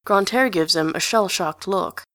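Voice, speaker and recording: A woman narrating a story in an even, measured way, close to the mic in a dry room. Her voice sits at a middle pitch. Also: no echo. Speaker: audiobook reader.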